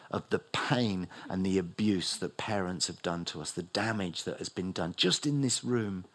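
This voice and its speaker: A middle-aged New man preaching a sermon as pastor, rising loud and high for emphasis and dropping low and soft. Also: normal speed, hardly any pauses. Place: church hall.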